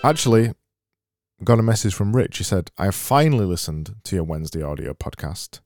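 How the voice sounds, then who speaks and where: A man's voice: deep voice, expressive, fairly quick, a little mellow, no echo, soft background music. A man hosting a casual solo podcast, reading out listener messages with dry, self-mocking humour. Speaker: podcast host.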